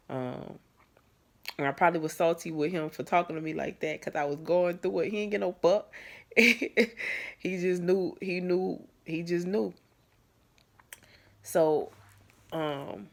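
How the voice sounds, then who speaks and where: A woman's voice: sits low, gravelly. Candid woman telling a personal story. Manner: conversational, many fillers and restarts, swings from soft to emphatic. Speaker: vlogger.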